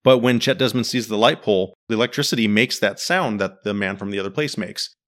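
A man's voice: on the low side, brisk, fairly bright tone. A man in casual chat, animatedly breaking down a TV series and quizzing his co-host. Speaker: podcast host discussing a TV series.

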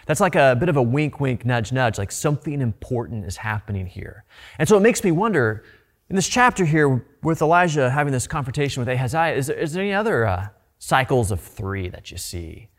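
A man's voice: mid-range voice, sing-song, a little fast. A middle-aged male pastor delivering a sermon in an easy, conversational way. He stresses his points and circles back with repeated phrases to drive them home.

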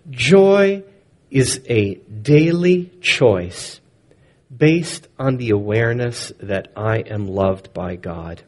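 Slow, lively-pitched preacher man. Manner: expressive, swings loud and soft for emphasis. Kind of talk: sermon.

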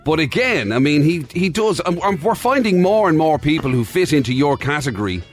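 A man's voice: on the high side, expressive, a little fast, soft background music. A man co-hosting a casual chat podcast, talking loosely with restarts and laughs. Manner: chatty, laughing, trails off in restarts. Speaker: podcast co-host.

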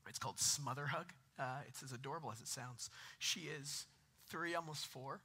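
A man's voice: medium pitch, moderate pace, sharp tone, husky. A man, preaching a conversational sermon with jokes and rising emphasis. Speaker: pastor.

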